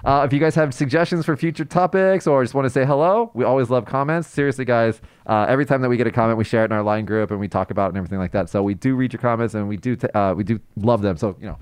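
A man hosting a podcast in casual chat, animated and teasing, laughing often. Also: mid-range voice, racing, clear, resonant tone, no echo. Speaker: podcast host.

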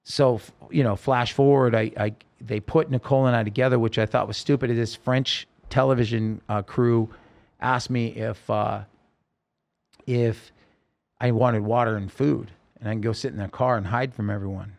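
A man as an interview guest, telling a personal story in halting speech with frequent restarts and self-corrections. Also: mid-range voice, steady tone, vocal fry, a little mellow.

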